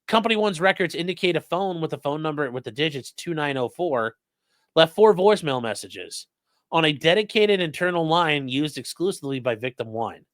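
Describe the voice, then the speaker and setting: A man's voice: fairly high pitch, lively intonation, brisk, a bit bright, dry recording. A man hosting a true crime livestream, reading court papers aloud with sarcastic, profane asides. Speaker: host.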